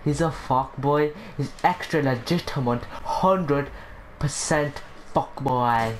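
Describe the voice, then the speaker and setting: A woman commentating her gameplay, excitable, breaking into high squeals, swearing and catchphrases aimed at her viewers. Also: slow, a little hiss or hum. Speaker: gaming channel host.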